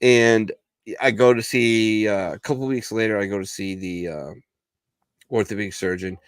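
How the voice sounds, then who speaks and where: A man's voice: on the low side, steady tone, moderate pace, dry recording, clean studio sound. A man co-hosting a casual bar-style chat among veterans, telling stories bluntly and with plenty of swearing, acting out what other people said. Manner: profane, blunt storyteller who acts out others' lines. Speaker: veteran podcast co-host.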